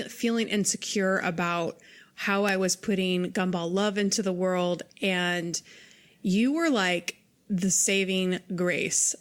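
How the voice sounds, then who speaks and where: Earnest woman host chatting. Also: mid-range voice. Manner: earnest and heartfelt, with frequent restarts. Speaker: podcast host. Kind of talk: casual interview chat.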